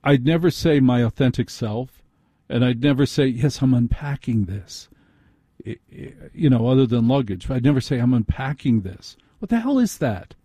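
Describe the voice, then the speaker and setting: A man's voice: mid-range voice, moderate pace, dark tone, breathy edge, no room sound, studio quality. A man hosting a talk radio show, delivering a sarcastic, ranting monologue that scoffs at how other people talk.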